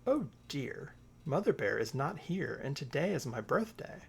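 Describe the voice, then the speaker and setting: A man reading a storybook aloud, voicing an eager, excitable little bear cub. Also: on the high side, measured pace, creaky, husky, full character voice. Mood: excited.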